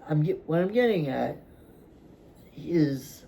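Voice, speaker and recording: A man hosting his own vlog, talking casually to camera from a room at home, halting and rambling with many fillers and restarts, yawning at times. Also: a little high, lively intonation, gravelly, mellow, a little hiss or hum, low-quality recording. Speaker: vlog host.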